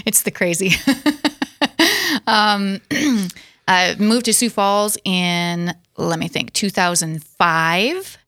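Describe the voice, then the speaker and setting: Brief: upbeat woman quiz host, bright tone, laughs through her lines, studio chat. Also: mid-range voice, very slow, no echo. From South Dakota. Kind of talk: casual studio chat, quizmaster.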